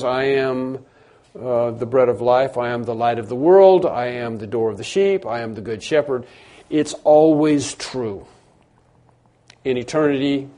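A middle-aged man delivers a sermon in a warm, mellow voice. He speaks earnestly, circling back and repeating key words to stress them. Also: medium pitch. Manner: earnest, repeats and restarts for emphasis. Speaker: pastor.

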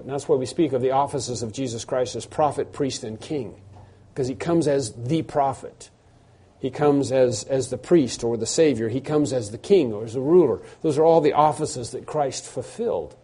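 A man's voice: medium pitch, mellow, breathy edge. A man preaching an expository sermon, reading scripture aloud and explaining it with earnest emphasis and frequent restarts. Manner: hesitant restarts and asides. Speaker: pastor.

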